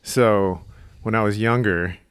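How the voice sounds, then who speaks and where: A man from Colorado spins a comic tale with his very deep voice, lively and self-mocking. The recording is close and dry, with no room sound. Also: slow pace, clean tone, no echo. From Colorado, USA. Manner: animated, self-mocking storyteller. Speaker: guest comedian. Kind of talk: casual podcast storytelling.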